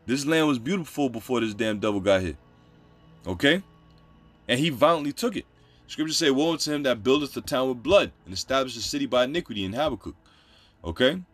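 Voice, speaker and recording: A man's voice: mid-range voice, lively intonation, brisk, fairly bright tone, soft background music. A man preaching a scripture study, reading verses aloud and explaining them emphatically in casual, informal phrasing. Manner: emphatic, repeats points, informal street phrasing between readings.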